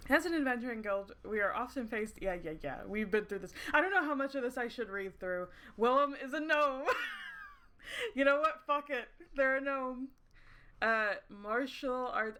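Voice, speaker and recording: A woman with a slightly high voice chats her way through a game at her desk, rambling from thought to thought. She laughs easily and swears freely, with an off-the-cuff, unpolished manner. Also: sharp tone. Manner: rambling, giggly and profane. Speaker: streamer playing a romance game. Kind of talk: casual let's-play chat. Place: indoors at her screens under dim night lighting.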